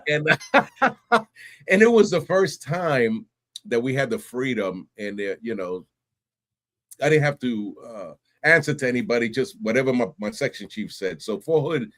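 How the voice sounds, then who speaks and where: Animated middle-aged man telling stories. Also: medium pitch, unhurried. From New York. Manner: animated, laughs often, acts out voices in his stories. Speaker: podcast guest. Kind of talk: casual interview storytelling.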